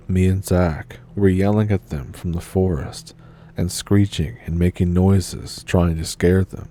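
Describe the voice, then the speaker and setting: A man reading a scary first-person story aloud in a measured storytelling manner. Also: low-pitched, mellow, slight background noise. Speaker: narrator. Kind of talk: scripted horror story narration.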